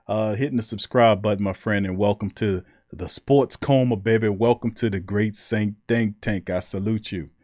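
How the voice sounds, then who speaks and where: A man's voice: fairly low pitch, darkish tone, dry recording, studio quality. A man hosting a sports livestream, chatting loosely and greeting viewers by name. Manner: loose, slangy, reads chat names aloud. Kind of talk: casual livestream chat.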